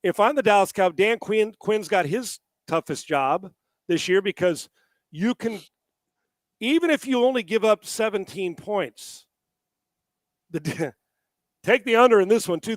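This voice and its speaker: High-voiced man in dry, animated sports talk. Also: normal speed, dry recording. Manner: animated, stammering restarts, profane. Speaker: sports analyst co-host.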